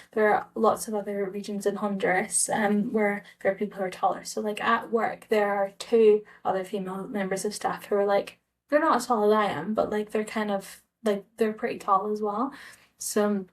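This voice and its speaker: Scottish woman from edinburgh, rambly vlog chat, kinda far from the mic. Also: medium pitch. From Scotland. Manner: chatty, rambling, many fillers like "like" and "um". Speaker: vlogger. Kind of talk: casual storytelling to camera.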